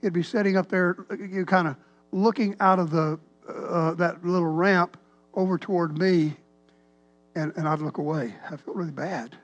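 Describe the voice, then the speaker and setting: A man, a pastor telling a rambling, animated story in a sermon. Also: high voice, normal speed, muffled recording. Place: church sanctuary.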